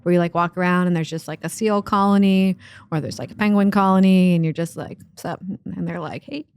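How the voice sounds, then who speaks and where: A woman's voice: lowish voice, fairly quick, a little mellow, clear, resonant tone. A Northern Irish woman in her thirties, a guest comedian chatting casually and laughing often on a podcast mic. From Northern Ireland. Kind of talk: casual chat.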